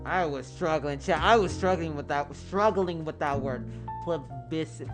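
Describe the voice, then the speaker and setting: A man with a slightly high voice talks at a normal pace while livestreaming, chatting casually with his viewers. He rambles, swears and trips over his words, with music playing in the background.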